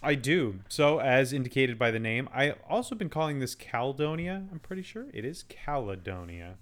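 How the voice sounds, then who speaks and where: A man's voice: mid-range voice, big pitch swings, normal speed, a bit bright. A man co-hosting a casual podcast, wry and reasoning things out aloud as he talks, with a few restarts. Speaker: podcast co-host. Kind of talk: casual chat.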